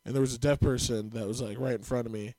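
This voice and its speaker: A man's voice: medium pitch, fairly even intonation, fast talker, mellow, dry recording. A man co-hosting a comedy podcast, talking in a crude, rambling way full of "like" fillers. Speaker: podcast co-host. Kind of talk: casual comedic chat.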